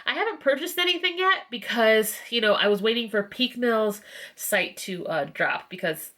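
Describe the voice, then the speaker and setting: A woman's voice: a little high, animated, normal speed, pushed and bright. A woman reviewing a product in a casual vlog, chatty and full of fillers, sounding nasal and congested. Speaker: beauty vlogger.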